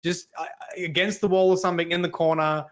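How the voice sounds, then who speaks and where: An Australian man chats loosely on a gaming podcast, trailing off and restarting his sentences. His voice sits a little higher than most men's. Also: level tone, fast talker, fairly bright tone. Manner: rambling, many restarts and fillers. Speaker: podcast co-host. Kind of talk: casual gaming podcast chat.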